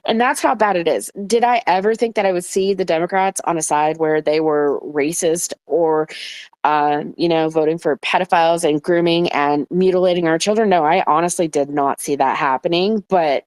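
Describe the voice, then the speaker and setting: A woman's voice: on the low side, normal speed, a little mellow, no echo. Blunt, heated woman hosting an audio chat. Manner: blunt and heated, swears often. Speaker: host of an online audio room. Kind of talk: casual political chat.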